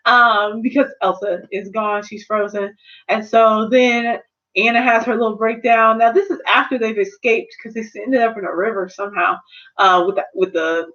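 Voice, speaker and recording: A woman's voice: a little high, fairly bright tone, lo-fi sound. A woman vlogger giving a casual, sassy spoiler review of a film, retelling the plot in a slangy, playful way.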